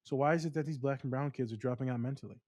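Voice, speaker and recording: Man, podcast co-host, casual animated rants, mid pitch, dry close sound. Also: very fast, no room sound.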